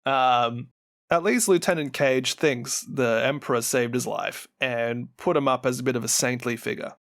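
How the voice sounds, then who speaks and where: A man co-hosting a podcast, retelling game lore in casual, animated chat and laughing often. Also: medium pitch, moderate pace, no room sound, clean studio sound. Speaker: podcast co-host.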